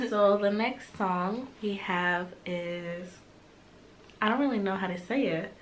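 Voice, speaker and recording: A young woman reacting to music, her voice sitting on the higher side and her speech unhurried and drawn out. She gushes and gets emotional, filling her talk with casual fillers, while a song plays clearly behind her. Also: fairly bright tone. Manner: gushing, emotional, chatty with many fillers. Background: song playing in the background.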